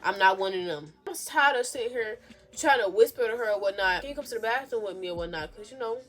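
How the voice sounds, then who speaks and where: A young woman, chatting casually as a vlogger telling a storytime, animated and sassy, swinging between loud outbursts and low mumbles. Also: fast, soft background music.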